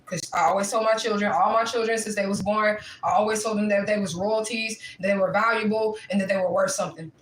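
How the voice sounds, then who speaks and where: Middle-aged st mom cooking on a stream, loud and cussing, echoey kitchen w faint hiss. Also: female voice, mid-range voice, steady tone, fast talker, hardly any pauses. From Midwest US, St. Louis area. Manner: loud, profane, laughing banter. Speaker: livestream host cooking with her daughter. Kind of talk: casual livestream chat while cooking. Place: home kitchen.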